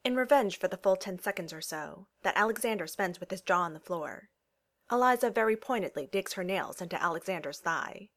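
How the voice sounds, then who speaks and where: A woman's voice: mid-range voice, lively intonation, brisk, fairly bright tone. A woman reading a story aloud, telling it expressively and giving quoted characters their own voices. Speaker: narrator. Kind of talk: reading fan fiction aloud.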